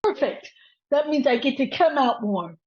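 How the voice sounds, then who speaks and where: A woman's voice: high-pitched, animated, moderate pace. A woman voicing a bold, impatient, fearless female alter persona in her own voice. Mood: eager. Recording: dull lo-fi audio.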